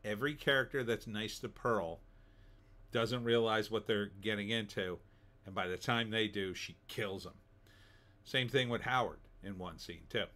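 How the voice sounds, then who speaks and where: A man's voice: fairly low pitch, normal speed, a bit bright. A middle-aged man giving a casual, rambling spoken movie review, full of fillers and restarts. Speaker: film reviewer.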